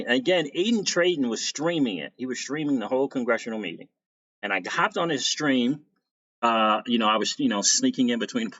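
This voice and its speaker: Male streamer, relaxed chatty host voice, slightly muffled home-mic audio. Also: medium pitch. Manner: reads out viewer names and greets them, laughs often. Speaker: crypto livestream host. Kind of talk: casual livestream chat.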